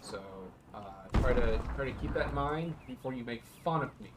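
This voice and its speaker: A man at a home setup gives casual gameplay commentary at a medium pitch, joking and rambling as he builds. He pokes fun at himself as he goes. A steady hiss of noise sits under his voice. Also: a little fast. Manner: joking, rambling and self-mocking. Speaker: let's play host.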